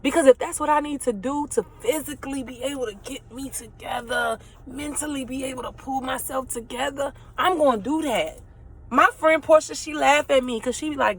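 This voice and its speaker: In her late twenties, a young woman delivers a heartfelt motivational monologue directly to her listeners at a normal pace. Her voice is a little high, fairly bright and slightly rough, and her earnest, preachy delivery keeps circling back to the same phrases for emphasis.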